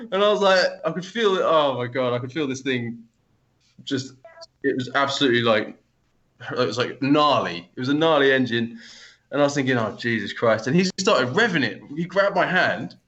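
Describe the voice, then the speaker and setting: Man, band member, lively bright delivery, slightly dull lo-fi sound. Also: on the high side. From Essex, England. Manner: animated, laughs while telling, acts out other people's lines. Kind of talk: casual storytelling chat.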